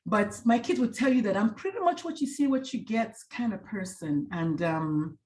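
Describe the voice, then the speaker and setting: A middle-aged woman presenter on a video call from a hotel room, chatting warmly and greeting each attendee by name. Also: medium pitch, lively intonation, normal speed. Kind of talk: casual online talk wrap-up.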